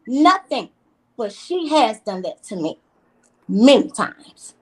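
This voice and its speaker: A woman talks in a casual interview. Her voice sits high, and she tells her stories with animated emphasis and plenty of repetition. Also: unhurried, poor audio. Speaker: reality TV guest.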